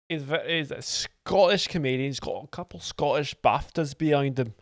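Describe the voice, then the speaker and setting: A man hosting a live reaction stream as a mock expert, deadpan and sweary, making absurd claims. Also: fairly high pitch, moderate pace, vocal fry, few pauses, no echo, clean studio sound. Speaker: host, streamer.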